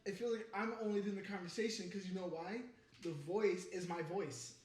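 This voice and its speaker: A man's voice: high voice, moderate pace. Man, casual podcast co-host, teasing, swears a lot, echoey room, distant mic. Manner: teasing, swears freely, animated storytelling. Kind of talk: casual chat.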